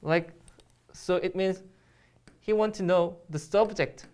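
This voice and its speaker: A woman's voice: fairly low pitch, slow, darkish tone, smooth. A woman with a Korean accent teaching a Korean grammar lesson in English, explaining step by step with frequent ums and restarts.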